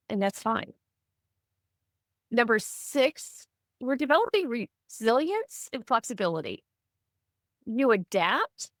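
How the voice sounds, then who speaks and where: A middle-aged woman from the US, an ADHD coach teaching on a live video call, animated and acting out quoted voices with self-deprecating asides. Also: on the high side, no echo, studio quality. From Midwestern US. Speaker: ADHD coach and guest speaker.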